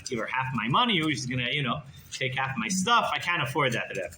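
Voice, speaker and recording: Man as a stingy wealthy grump, dismissive, lively pitch, echoey room. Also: quick pace, close to an everyday voice. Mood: complaining. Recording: roomy hall with background noise.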